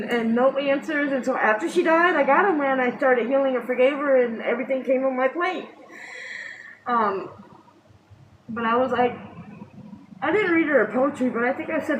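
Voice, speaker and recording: Vlogger, female, high voice, rambling and profane, noisy background. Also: roomy sound. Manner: rambling, swears freely, laughs through tears. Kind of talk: emotional personal storytelling.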